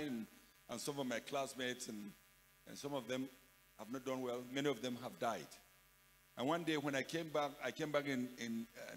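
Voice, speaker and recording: An older man with a Nigerian accent preaching a sermon to a conference of pastors, emphatic, repeating phrases and swinging from loud to soft. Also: medium pitch. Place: large conference hall. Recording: long hall reverb.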